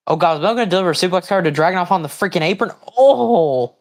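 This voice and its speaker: Hosting a livestream, this man rambles casually through commentary on a wrestling broadcast, punctuated by excited outbursts and bewildered reactions. He has a high voice and talks very fast.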